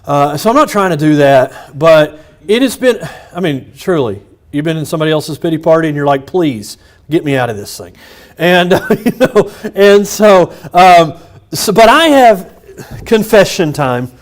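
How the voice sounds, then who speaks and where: A man's voice: a little high, lively intonation, moderate pace. A middle-aged man, a pastor teaching a Bible study in a loose, personal way, with restarts and chuckles.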